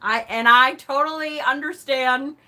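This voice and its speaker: A woman hosting a casual live stream, a self-described loud talker who gushes and laughs often. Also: high voice, measured pace.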